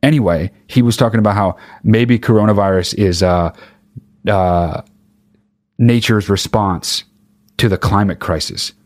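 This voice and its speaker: A man ranting with sarcasm and heavy swearing, mocking others in high put-on voices. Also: unhurried, a little mellow. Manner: angry, sarcastic, swears a lot. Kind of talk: profane ranting monologue.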